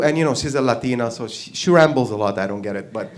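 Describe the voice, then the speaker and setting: At an open mic night, a stand-up comedian with a medium-pitched voice and lively intonation talks quickly, rambling, swearing, and laughing at his own jokes on stage.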